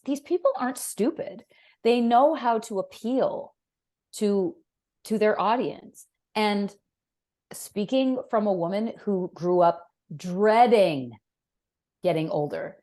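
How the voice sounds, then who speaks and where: Woman in her fifties, podcast guest; emphatic, blunt, swears freely, mid-range pitch. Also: darkish tone. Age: 50s. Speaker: podcast guest, fitness professional. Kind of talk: casual interview chat.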